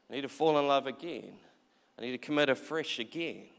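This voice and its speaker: A man's voice: mid-range voice, fairly quick, creaky, fairly bright tone. A man preaching a sermon in a chatty way, often acting out quoted voices and repeating words. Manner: conversational, acts out quoted voices, repeats himself. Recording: long reverb of a large hall.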